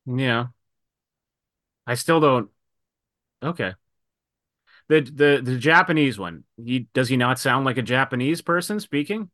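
A man in casual podcast chat who tells stories in an animated way and acts out quoted lines. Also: medium pitch, measured pace, long pauses, no echo, clean studio sound.

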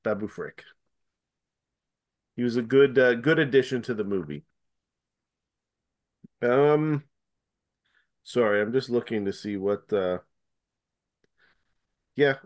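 A man talking casually about movies in a relaxed, hesitant way with frequent pauses. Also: mid-range voice. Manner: easygoing, hesitant, many ums and restarts.

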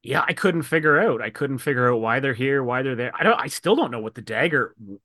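A man's voice: medium pitch, brisk, dry recording, studio quality. A man chatting casually about movies, acting out scenes and quoting characters as he talks. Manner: animated storyteller, acts out lines from scenes.

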